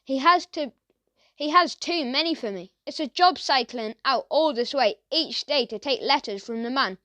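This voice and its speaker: A talkative country postman grumbles and gossips in a lively, fairly loud voice, as a woman puts him on in a children's audiobook. He is friendly and easygoing. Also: high-pitched, normal speed, dry recording. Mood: chatty. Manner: chatty, gossipy.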